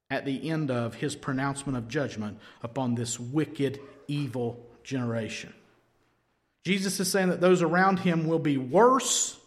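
Lively higher-voiced male preacher. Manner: lively storytelling, voices quoted people. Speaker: pastor. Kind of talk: sermon.

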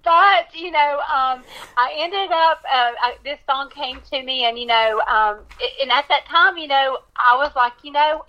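A woman's voice: high-pitched, unhurried, dull audio. A woman, a singer-songwriter talking casually in an interview, full of fillers and easy laughter. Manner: warm, chatty, many fillers and laughs.

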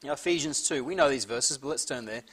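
A man preaching a sermon who reads scripture slowly and emphatically and often clears his throat. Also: mid-range voice, fairly bright tone. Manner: slow, emphatic reading of scripture.

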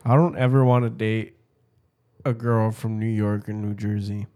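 A man's voice: lowish voice, steady tone, normal speed, a little mellow. A man in casual crude banter, swearing freely and laughing between mocking impressions.

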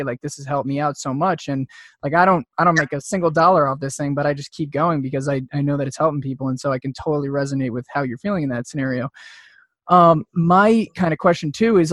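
A man's voice: fairly high pitch, dry recording. A man hosting a podcast who asks long questions in a casual, rambling way, full of filler words. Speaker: podcast host. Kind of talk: podcast interview.

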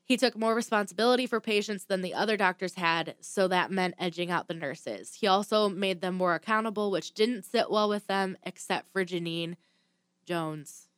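A woman's voice: medium pitch, moderate pace, fairly bright tone, clear, resonant tone, dry recording. Casual woman telling a crime story. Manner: reads case notes with blunt asides and swearing. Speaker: podcast host telling a true crime story.

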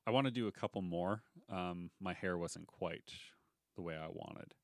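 A man's voice: sits low, normal speed, no echo, studio quality. A young man co-hosting a podcast in casual, joking chat, rambling and laughing. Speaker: podcast co-host.

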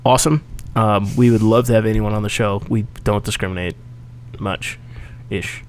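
A man's voice: on the low side, normal speed. A man co-hosting a podcast, telling stories in casual crude banter, swearing and laughing often. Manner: animated storyteller, swears freely, laughs often. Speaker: podcast co-host.

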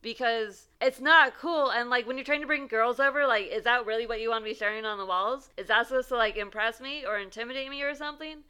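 Bright, clear young woman telling a story. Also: a little high, fast, hardly any pauses. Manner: animated, laughing, acts out quotes. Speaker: podcast co-host. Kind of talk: casual storytelling chat.

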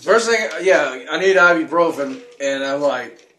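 A man with a high voice, well above the usual for a man, talks casually with a wry, joking edge. He speaks in an echoey room, and a faint hiss runs behind him. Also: lively intonation, unhurried, bright, forceful tone. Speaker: podcast co-host. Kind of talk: casual chat.

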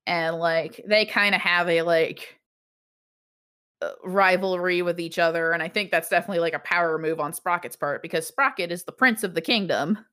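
A woman's voice: on the low side, normal speed, fairly bright tone, clear, resonant tone. A woman in her thirties co-hosting a casual podcast chat, rambling with lots of "like" and frequent laughter. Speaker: podcast co-host. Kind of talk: casual chat reviewing a TV show.

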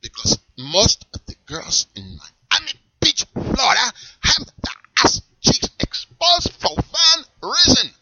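A man voicing a strict, shouty German leather and whip seller with an eye patch, in a put-on German accent and a theatrical, menacing manner. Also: very high-pitched, wildly swooping pitch, slow, highs cut off, voice pushed up, exaggerated voice. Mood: barking, strict. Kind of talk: comedy sketch character.

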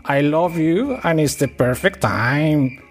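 A man voicing a pleading Mexican lover, with a put-on mock Mexican accent and slow crooning delivery. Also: on the high side, animated, soft background music.

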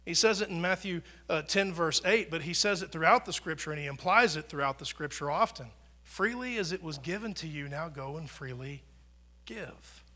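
Bright-voiced pastor preaching. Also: male voice, fairly high pitch, normal speed. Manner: conversational preaching, rises and drops in volume for emphasis. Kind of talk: sermon. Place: church.

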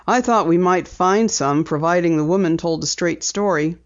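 A woman reader voicing a gruff middle-aged male newspaper editor who asks brisk, pointed questions. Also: fairly low pitch, dull audio, close to an everyday voice.

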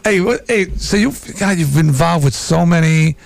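A male radio host in his forties interviewing a guest, joking and cutting in quickly. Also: a little high, animated, gravelly. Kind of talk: radio talk show interview.

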